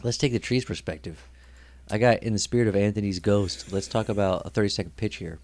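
A young man co-hosting a casual podcast chat, telling stories with loud, lively outbursts. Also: lowish voice, a little fast. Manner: animated storyteller, loud outbursts when acting out scenes. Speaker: podcast co-host.

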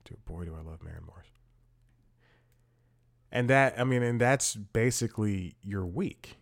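Male podcast host with a low voice, casual and rambling, easily drifts into side stories. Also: lively intonation, unhurried, creaky. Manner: rambling, digressive, self-amused. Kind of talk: casual talk-show commentary.

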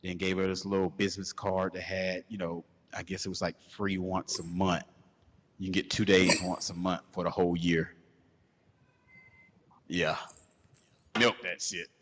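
A man's voice: low-pitched, moderate pace, long pauses, slight background noise. Guy on a podcast ranting a crude funny story, laughing a lot, big hall echo. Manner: crude, animated, laughing through his story. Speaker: podcast host. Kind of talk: casual comedic storytelling rant. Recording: long hall reverb.

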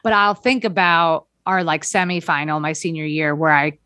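A young woman comedian in casual chat, telling stories with animated put-on voices for the people she quotes. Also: sits low, normal speed, clear, resonant tone, no echo, clean studio sound.

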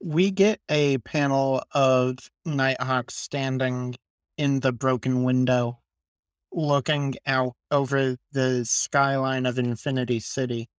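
Slow, measured male game master. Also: medium pitch, steady tone, clean tone, no room sound. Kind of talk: narrating a tabletop game.

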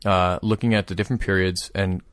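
A man calmly explaining a prayer practice in casual conversation. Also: low-pitched, fairly quick, clear, resonant tone, dry recording, studio quality. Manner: thoughtful, explanatory, steady.

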